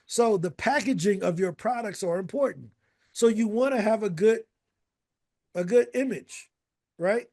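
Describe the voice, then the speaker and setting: A man coaching an online course group on a casual video call, energetic and repetitive, checking in with "right?" between points. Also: sits high, a little slow, pauses often.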